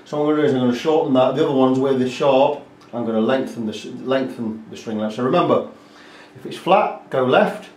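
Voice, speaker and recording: A man talks through a guitar repair, explaining each step casually as he works. His voice sits at an ordinary middle pitch, picked up by the camera mic in an echoey workshop room. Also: fairly even intonation, fast talker, a little mellow. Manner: chatty, explains step by step, talks while working. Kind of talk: hands-on repair walkthrough.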